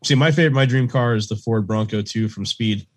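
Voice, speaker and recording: A man's voice: lowish voice, fairly quick, no room sound. A man chatting casually as a podcast co-host, a bit hesitant. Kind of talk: casual chat.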